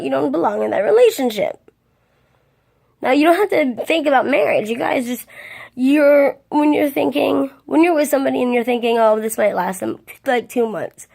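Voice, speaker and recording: A woman in her twenties rants straight to camera, blunt and full of swearing. Her voice sits a little high with a gravelly fry running through it. She sounds worn out and keeps yawning between points. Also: darkish tone. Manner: blunt and profane, venting with heavy swearing. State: tired, yawning. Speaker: vlogger. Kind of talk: ranting vlog monologue.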